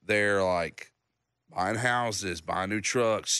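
A songwriter in his thirties telling a story in casual chat, acting out other people's lines in a loud, high voice. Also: slow pace, clear, resonant tone, no echo, clean studio sound. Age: 30s. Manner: animated storyteller, acts out loud high-pitched quotes of others. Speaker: songwriter guest.

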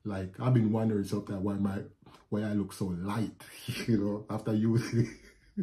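A man with a Jamaican accent, telling a personal story to his viewers in a lively vlog, often calling out to them. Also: lowish voice, moderate pace. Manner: animated, addresses viewers as guys. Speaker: vlogger. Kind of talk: casual storytelling to camera.

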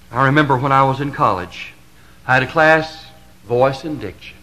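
A man's voice: mid-range voice, moderate pace, pushed and bright, poor audio. A man from the American South with a Southern drawl, a pastor preaching an impassioned sermon that builds to emphatic crescendos in a repetitive rhetorical cadence.

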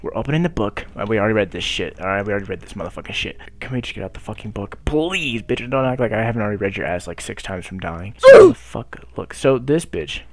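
A man's voice: on the low side, very animated, fast, hardly any pauses. Hyped, foul-mouthed young man gaming. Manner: loud, hyped, swears constantly, talks to the game. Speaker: gaming YouTuber. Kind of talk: profane gameplay commentary.

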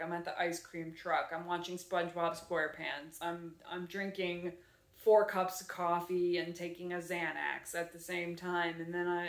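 A woman vlogger casually retelling her day at home, rambling and animated with lots of fillers. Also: lowish voice. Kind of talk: casual storytelling vlog. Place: her apartment. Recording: echoey room.

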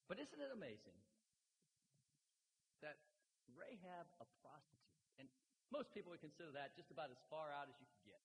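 A man in his fifties preaching a sermon, swinging from shouted high points down to low, quiet stretches. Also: big pitch swings, normal speed, pauses often. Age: 50s. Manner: dramatic preaching, shouting at climaxes then dropping low. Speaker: pastor. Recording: echoey hall with faint hiss.

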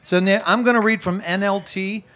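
A man pastor preaching a sermon at an outdoor worship gathering, conversational and energetic with playful asides. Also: high voice, normal speed.

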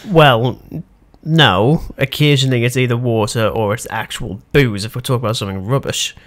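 A man's voice: mid-range voice, fairly quick. A young British man hosting a casual podcast chat, rambling a bit, with frequent ums and laughs. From Britain. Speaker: podcast host.

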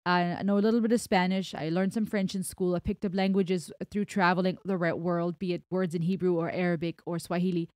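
A woman's voice: fairly low pitch, flat delivery, fairly quick, few pauses, darkish tone, dry recording, clean studio sound. A woman from Germany with an American accent, giving reflective reaction commentary on a song as host and explaining her thoughts at length.

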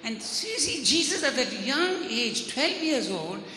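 A man with a strikingly high, bright voice delivers an earnest sermon, stumbling over and repeating words as he goes. The sound rings with long reverb, as if recorded in a large hall. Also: very animated, measured pace, slight background noise. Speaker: preacher. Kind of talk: sermon teaching.

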